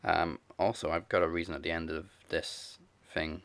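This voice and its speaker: Deep gravelly man recapping wrestling. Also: flat delivery, moderate pace, a bit bright, dry recording. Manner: laid-back recapping with fillers and laughs. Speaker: podcast co-host. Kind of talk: casual chat.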